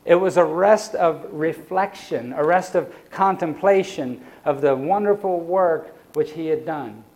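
A man preaching a sermon in a voice a touch higher than most men's. He stretches key phrases slowly and rushes asides. He sinks to near-whispers when he voices a quiet reflection. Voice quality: sighs for emphasis. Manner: varies pace and loudness, slows on key phrases, drops soft for quoted reflections.

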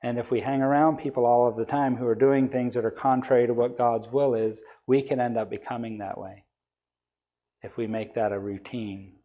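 A man's voice: mid-range voice, steady tone, normal speed, warm tone, muffled recording. A man preaching a sermon in a church hall, reading scripture aloud and explaining it earnestly, rising to emphatic peaks on key words.

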